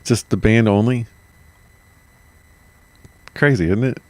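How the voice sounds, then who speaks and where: A man's voice: lowish voice, slow pace, no room sound. A man co-hosting a podcast, chatting casually with profane jokes, frequent laughter and goofy asides. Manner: joking, profane, laughs often, does goofy voices. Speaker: podcast co-host. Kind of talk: casual comedic podcast chat.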